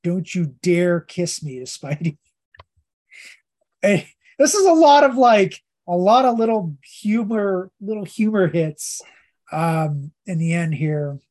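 Podcast host, unhurried and rambling, lots of ums, casual comic recap. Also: mid-range voice, expressive, a little mellow. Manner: rambling, hesitant, many fillers.

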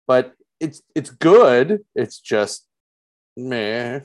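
A man's voice: medium pitch, very animated, extremely slow, darkish tone. Hesitant man chatting about comics. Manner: hesitant, filler-heavy, repeats words. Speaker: podcast co-host. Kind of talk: casual chat.

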